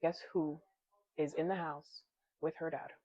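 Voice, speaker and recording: A woman's voice: low voice, little pitch movement, unhurried, dark tone. Chatty young woman recapping a book, swearing freely. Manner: chatty, swears freely, voices characters dramatically. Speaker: book reviewer. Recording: dull lo-fi sound.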